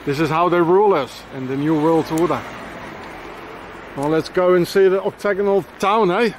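There's slight background noise as a man with a rather high voice vlogs on a walk around town. He points things out to a handheld camera, rambling like he's letting you in on a secret.

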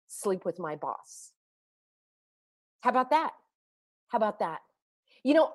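A woman speaking straight to her viewers, out of breath, firing rhetorical questions that build to near-shouting. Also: a little high. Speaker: activist vlogger. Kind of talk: impassioned direct-to-camera monologue.

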